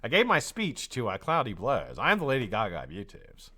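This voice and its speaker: This American live-streamer talks briskly in a medium-pitched, slightly rough voice. Working from his home studio, he's lively and chatty, calling out viewers by name and wandering from shout-outs into tangents.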